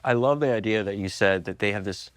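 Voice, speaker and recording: Quick-talking male podcast host. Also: on the low side, dry recording. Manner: enthusiastic storyteller, many "like"s. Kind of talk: casual conversational interview.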